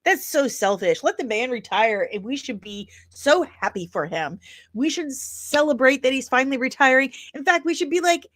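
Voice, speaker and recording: Midwestern woman host in her forties, jokey and ranting, a touch high-pitched, dry room. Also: expressive, normal speed, fairly bright tone, no echo. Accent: Midwestern American. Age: 40s. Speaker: pop culture news host. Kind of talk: casual chat reacting to chat.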